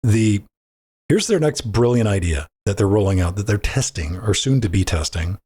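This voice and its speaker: A man's voice: fairly low pitch, expressive, moderate pace, darkish tone, breathy edge. A man co-hosting a gaming podcast in loose, rambling banter, swearing casually and restarting his sentences. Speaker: podcast co-host.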